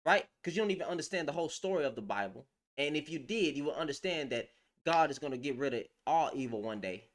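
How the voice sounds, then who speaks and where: Woman, sassy online commentator who swings her pitch a lot and mocks as she rants. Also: quick pace. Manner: sassy, mocking, laughing, animated. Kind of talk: casual ranting commentary.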